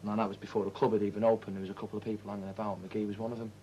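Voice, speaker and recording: A man's voice: lowish voice, flat delivery, racing, mellow, lo-fi sound, slight background noise. A man, a guest in a casual interview, talking in cocky, slangy banter and interrupting often. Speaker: band member guest.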